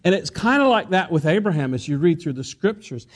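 A man with a high voice preaches to his congregation, asking them questions and waiting for an answer. He mixes earnest teaching with light, joking asides. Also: expressive, moderate pace. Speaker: pastor. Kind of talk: sermon.

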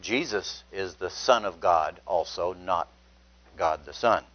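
A man's voice: low voice, slow pace. A man preaching a sermon, reading scripture aloud and stressing words earnestly. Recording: dull lo-fi sound.

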